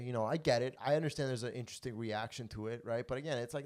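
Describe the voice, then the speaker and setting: A man hosting a comedy podcast, telling rambling, profane stories with sudden loud bursts. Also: mid-range voice, rapid-fire, few pauses. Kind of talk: casual comedy podcast chat.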